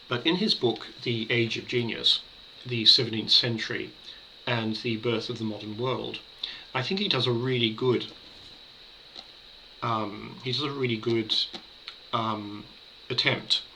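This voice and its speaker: A man giving a casual spoken book review, measured and hesitant, pausing on fillers and restarting his sentences. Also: medium pitch, creaky, sharp tone, a little hiss or hum, poor audio.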